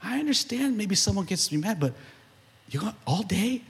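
High, lively preaching man in a reverberant hall. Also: normal speed, vocal fry. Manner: animated preaching, building to shouts. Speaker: pastor. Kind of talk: sermon.

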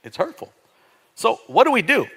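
Preaching in a church sanctuary, a middle-aged pastor speaks in a very high, husky voice at a moderate pace. His sermon is lively and playful, full of jokes and call-and-response with the congregation.

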